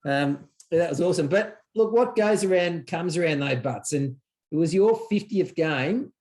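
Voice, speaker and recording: A man hosts a relaxed conversation, his voice a little higher than most men's. He talks in bursts of excitement and hammers his points with repetition. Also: normal speed. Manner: excited, emphatic storyteller who repeats himself. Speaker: podcast host. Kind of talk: casual chat.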